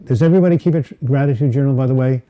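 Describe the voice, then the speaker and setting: A man's voice: mid-range voice, racing, muffled recording. A man hosting a casual live-stream Q&A, reading viewer questions aloud and rambling with many fillers and restarts. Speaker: host of a live mental health Q&A. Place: home setting, Portland.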